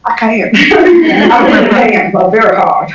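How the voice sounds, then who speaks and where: An older woman from the American South with a Southern accent, giving an animated lecture to health workers and laughing often. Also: fairly high pitch, measured pace. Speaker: communication professor giving a lecture. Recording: echoey dull recording from far off.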